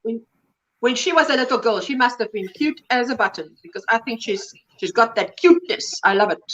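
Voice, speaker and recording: A woman with a high voice hosting a casual livestream. She reads viewer comments aloud and reacts to each one with small exclamations. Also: fairly quick, a bit bright, highs cut off. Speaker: livestream host. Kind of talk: casual chat.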